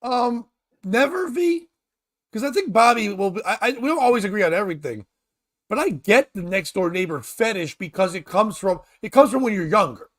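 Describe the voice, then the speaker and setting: A man's voice: high voice, expressive, normal speed, a bit bright. A man hosting a casual comedy talk show, rambling and profane as he jokes his way through news stories. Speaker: podcast host.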